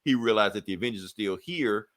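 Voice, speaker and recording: A man's voice: on the low side, quick pace, fairly bright tone. A man co-hosting a podcast, recapping a comic book in a loose, profane, laughing way. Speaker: podcast co-host.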